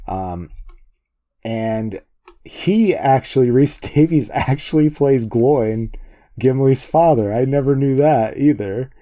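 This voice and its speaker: A man co-hosting a casual movie podcast, his voice mellow and warm. He talks slowly and unhurriedly, but his pitch rises and falls a lot, and he rambles with frequent fillers and laughter. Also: expressive. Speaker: podcast co-host. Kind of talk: casual movie review chat.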